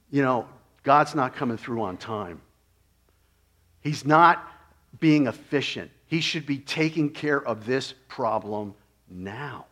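A man preaching a sermon in a conversational way, asking his listeners rhetorical questions and swinging from loud exclamations down to hushed, near-whispered lines. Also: mid-range voice, expressive, takes it slowly.

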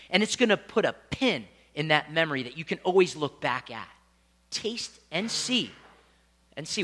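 A young man preaching a sermon, telling stories with lots of asides and animated delivery. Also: fairly high pitch. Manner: animated storytelling with asides and laughs.

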